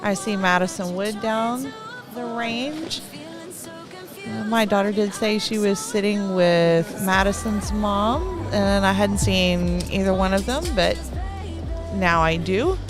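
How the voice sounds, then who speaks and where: A woman's voice: medium pitch, slow pace, music in the background. A middle-aged woman with a Texan accent giving rambling, talkative live commentary at an event, laughing between thoughts.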